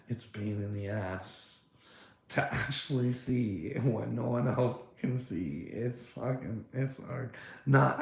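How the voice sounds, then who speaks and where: Man, slow unhurried delivery, gravelly, rambling and profane, echoey room. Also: mid-range voice, a little mellow. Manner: rambling, profane, laughs often, fillers like "like". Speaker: podcast host. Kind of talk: casual rant.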